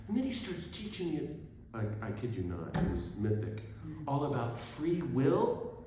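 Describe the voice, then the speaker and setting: Speaking at a normal speed, this man has a fairly high, warm, very animated voice. He is a Catholic priest and author in his sixties, telling a story to an audience, playing the people in it and frequently laughing. A very echoey hall carries faint room noise.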